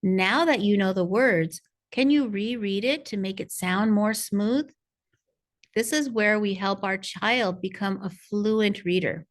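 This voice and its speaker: A woman's voice: mid-range voice, unhurried. A woman narrating a parent workshop as a reading coach, in a patient, encouraging teacher tone. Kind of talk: scripted instructional narration.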